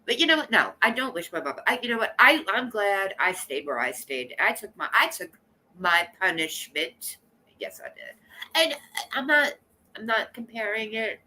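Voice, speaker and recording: A woman hosting a casual livestream, chatting in a rambling, blunt and animated way and greeting viewers by name. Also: medium pitch, normal speed. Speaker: livestream host.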